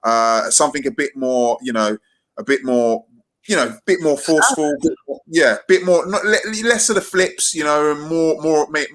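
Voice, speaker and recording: A man's voice: a little high, fairly bright tone. A man co-hosting a casual podcast, talking hesitantly with many fillers and restarts. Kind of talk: casual chat.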